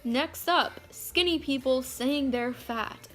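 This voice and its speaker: A woman's voice: sits high, takes it slowly, soft background music. Chatty teen girl ranting on camera. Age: teens. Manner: chatty, frank, swears freely, lots of "like". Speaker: vlogger. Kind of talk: casual rant to camera. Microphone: phone camera.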